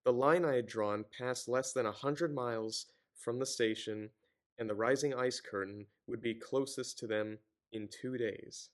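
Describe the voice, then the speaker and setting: A man reading a novel aloud, often stumbling, correcting himself and breaking off with sarcastic commentary. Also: mid-range voice. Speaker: reader and commentator.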